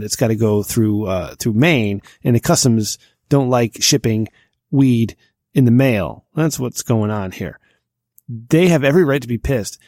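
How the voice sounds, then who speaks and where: Profane, ranting podcast host with gravelly voice. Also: male voice, mid-range voice, a little mellow, no room sound, studio quality. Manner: profane, mocking rants with mock accents. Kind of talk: casual comedic podcast chat.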